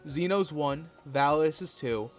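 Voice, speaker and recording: A man runs a tabletop game in a loose, halting narrating voice. His pitch sits a little high, and soft music plays behind him. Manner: casual, halting, with fillers. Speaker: game master.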